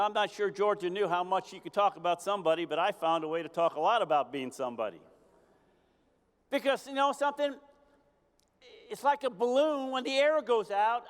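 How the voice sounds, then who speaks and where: Fervent high-voiced man speaking in a hall. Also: a bit bright, clear, resonant tone. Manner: preachy, fervent, repeats rhetorical questions. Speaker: motivational speaker at a company convention. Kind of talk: motivational stage speech. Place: large convention hall.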